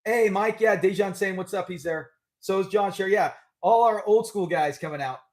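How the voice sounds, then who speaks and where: Upbeat male live-stream host, high voice, loose and chatty. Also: moderate pace, a little mellow. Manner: chatty, upbeat, laughs often. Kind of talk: casual live-stream chat.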